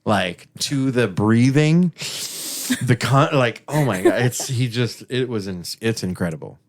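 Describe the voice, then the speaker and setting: A man's voice: medium pitch, lively intonation, measured pace. A man co-hosting a podcast in casual chat, laughing often and swearing freely. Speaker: podcast co-host.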